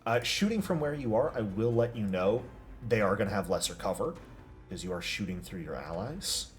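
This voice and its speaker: A low-voiced man running a tabletop game as its game master. His pitch swings widely as he explains the rules and laughs along with the players. Soft music plays underneath. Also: animated, brisk.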